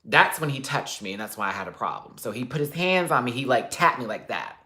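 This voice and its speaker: A man hosting a relaxed livestream, telling a story in a lively, expressive way. He drops swear words freely and breaks off to thank his viewers by name. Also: medium pitch, fairly quick. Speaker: livestream host.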